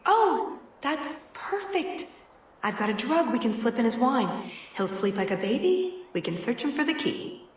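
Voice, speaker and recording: An actress voicing a brisk young female elf rogue in a video game, talking in a terse, businesslike way. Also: on the high side, very animated, breathy edge, in a large hall, heavily acted. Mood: urgent.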